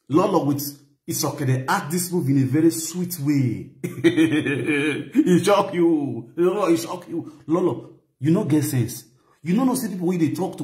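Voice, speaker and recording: Nigerian Pidgin commentator with a Benin accent, somewhat high and mellow, preachy, in an echoey room. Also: male voice. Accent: Nigerian Pidgin, Benin (Edo). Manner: preachy, repetitive, keeps asking "you understand?". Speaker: commentator vlogger. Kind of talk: lecturing commentary.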